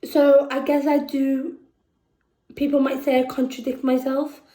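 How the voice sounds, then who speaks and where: A woman with a Scouse accent performing spoken word poetry at a festival, slow and measured, dropping to a hush on heavy lines. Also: high-pitched, level tone, echoey room, low-quality recording. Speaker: poet. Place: festival venue indoors.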